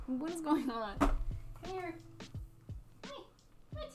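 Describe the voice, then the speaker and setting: A woman's voice: high-pitched, big pitch swings, takes it slowly, long pauses, faint music behind. A woman around thirty chatting casually on a livestream while building model kits, cooing at her cats and often dropping into a whisper. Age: about 30.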